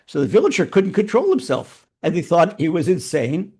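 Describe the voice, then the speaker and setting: A man telling a religious fable and drawing its lesson, animated and prone to repeating words. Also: a little high, moderate pace, breathy edge. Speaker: rabbi storyteller.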